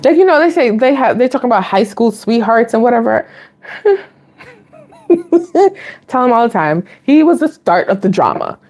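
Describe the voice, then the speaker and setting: A woman in her late thirties hosts a casual live Q&A. Her voice sits high and swings widely as she tells stories to viewers. She is chatty and confiding and often breaks into laughter. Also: moderate pace. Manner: animated, laughs often while telling stories. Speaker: vlogger host.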